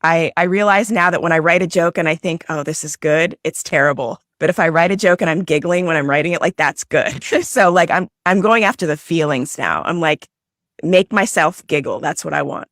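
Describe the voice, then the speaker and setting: A woman's voice: sits low, brisk, fairly bright tone, no room sound, studio quality. A woman comedian talking about her writing in an earnest, giggly way, repeating her words as she goes. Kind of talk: casual interview talk.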